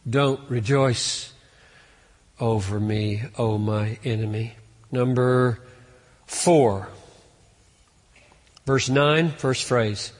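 A man preaching a sermon in an earnest way, rising in pitch and force on key points. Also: drawn-out words, pauses often, long reverb tail. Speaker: pastor.

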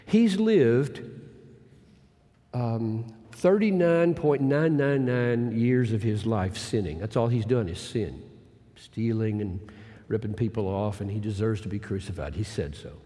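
A male pastor preaching a sermon, moving from booming, drawn-out emphasis to hushed, near-whispered lines. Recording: long hall reverb.

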